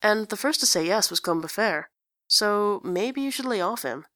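A woman's voice: medium pitch, expressive, moderate pace, pushed and bright, no room sound, clean studio sound. A woman voicing an anxious, earnest young man. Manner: hesitant, earnest.

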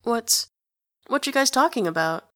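Lady putting on a bratty little boy, way high and squealy, super dry close sound. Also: expressive, measured pace, pushed and bright, no echo. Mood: teasing. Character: excitable young boy, cheeky and loud.

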